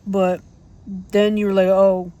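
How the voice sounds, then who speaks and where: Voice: medium pitch, fairly even intonation, normal speed, a little mellow. A casual storytime vlogger who tells a story bluntly and indignantly, swears freely and repeats points for emphasis.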